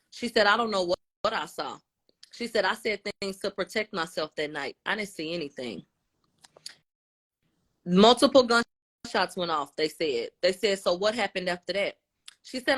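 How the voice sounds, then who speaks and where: A woman with a mid-range voice talking casually as she recaps events. She relays what different people said, changing her tone and loudness as she quotes them. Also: medium pitch. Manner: conversational, retelling quotes with shifts in tone and loudness. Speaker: commentator.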